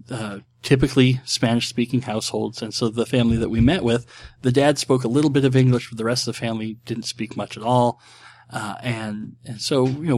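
A man's voice: mid-range voice, a little mellow. A middle-aged man hosting and answering viewer questions in casual talk. His speech is rambling and reflective, with many restarts and filler words.

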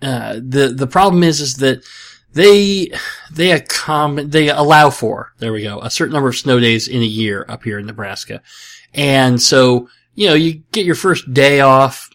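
A man hosts a casual comedic podcast, answering listener questions in a sarcastic, self-mocking way full of rambling asides. His voice is medium-pitched, a bit bright, and moderately paced.

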